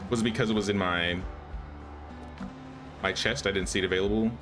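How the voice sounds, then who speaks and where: A man's voice: on the low side, steady tone, fairly quick, music in the background. A young man streaming a survival game, chatting casually and thinking aloud with frequent restarts. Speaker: gaming streamer. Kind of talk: casual live gameplay commentary.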